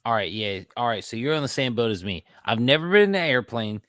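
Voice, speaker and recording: A man's voice: mid-range voice, animated, fast talker, fairly bright tone, dry recording, clean studio sound. A man co-hosting a podcast, telling stories in a laid-back casual chat. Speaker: podcast co-host.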